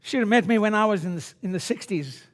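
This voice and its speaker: Older guy in his 60s running a chiropractic seminar, brash and salty, yells now and then, highish voice. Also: lively intonation, fast talker. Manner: blunt, swaggering and salty, with sudden loud shouted bursts. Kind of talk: live seminar talk to an audience.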